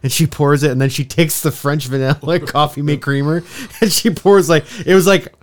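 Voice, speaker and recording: A man's voice: a little high, fairly even intonation, normal speed. A man co-hosting a podcast in casual chat, teasing his partner, telling stories and laughing often. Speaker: podcast co-host.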